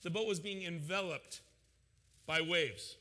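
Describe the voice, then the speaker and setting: A man preaching a sermon to a congregation, animated and joking with the crowd. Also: on the high side, a little slow, big-room sound. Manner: animated, jokes with congregation, acts out voices. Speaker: pastor.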